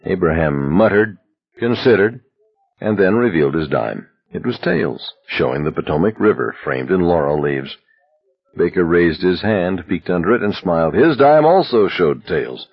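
A man narrating an audiobook in an expressive, dramatic reading style, in a slightly muffled recording. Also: low-pitched, normal speed, husky, no echo. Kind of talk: scripted narration.

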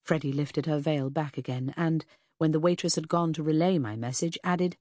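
A woman reading a first-person novel aloud in a measured, even storytelling way. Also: low-pitched, no room sound, studio quality. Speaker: audiobook narrator. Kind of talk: scripted first-person narration.

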